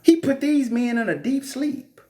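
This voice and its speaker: A man's voice: very high voice, expressive, measured pace, mellow. A man reading the Bible aloud and commenting in a blunt, joking, preacherly way. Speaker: Bible teacher.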